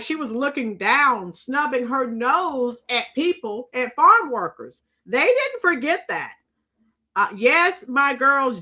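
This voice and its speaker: A woman's voice: sits high, sharp tone. A woman hosting a casual live stream, chatting with viewers and reacting to clips with frequent fillers.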